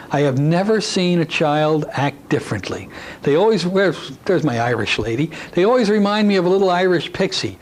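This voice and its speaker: The voice is high-pitched, animated and brisk, on poor audio. It belongs to a male hypnosis instructor teaching a class a technique in a folksy, chatty way, with asides to the audience.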